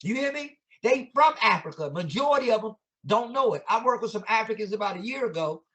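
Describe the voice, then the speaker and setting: Fairly quick and expressive, this high, slightly bright male voice belongs to an educator appearing as a guest. He teaches conversationally with the passion of a preacher, firing off rhetorical questions in casual vernacular grammar.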